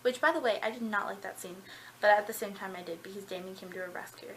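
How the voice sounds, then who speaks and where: A woman's voice: medium pitch, fast, fairly bright tone, slight background noise. A young woman reviewing a book in a casual vlog, bubbly and gushing with lots of filler words. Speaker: book vlogger.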